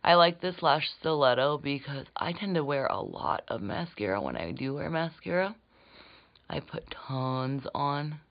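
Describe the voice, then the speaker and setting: A beauty vlogger with a low, expressive, slightly slow voice rambles through a casual makeup tutorial, swearing freely and dropping into whispered asides. The recording sounds dull and lo-fi.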